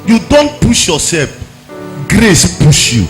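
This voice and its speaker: A pastor preaching with a high, soaring voice that leaps all over its range. He drops into hushed storytelling, then builds to shouted calls to the congregation. Faint music plays behind him. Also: normal speed. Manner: animated storytelling, swinging from quiet asides to shouted exhortation. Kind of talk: sermon with personal stories.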